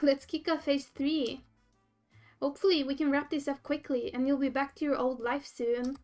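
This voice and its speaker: A woman's voice: high-pitched, level tone, moderate pace, a little mellow, faint music behind, natural voice. A woman reading the lines of an upbeat host on a dating show in a game.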